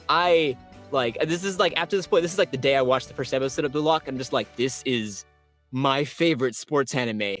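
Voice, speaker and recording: Excitable male voice actor telling stories. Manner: excitable, quotes himself with big pitch jumps. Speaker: voice actor guest. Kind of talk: animated storytelling in an interview.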